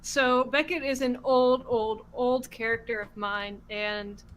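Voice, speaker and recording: Woman, tabletop player, measured and explanatory, somewhat high voice, faint noise behind. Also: steady tone, fairly bright tone, poor audio. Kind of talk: casual tabletop chat.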